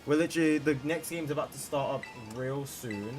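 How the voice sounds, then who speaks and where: A man's voice: medium pitch, fairly quick. A young man streaming a game live, talking to his chat and repeating himself as he gets worked up. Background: background music.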